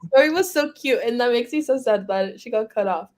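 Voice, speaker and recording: A woman's voice: a little high, lively intonation, fairly quick, a little mellow. Laid-back young woman podcast host. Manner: friendly, laid-back, uses y'all. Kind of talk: casual chat.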